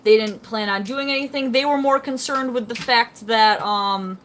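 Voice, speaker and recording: A woman's voice: a little high, normal speed, fairly bright tone, a little hiss or hum. A young woman chatting casually on a live stream, rambling and reading out chat comments beside her fish tank at home. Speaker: fish-keeping livestreamer.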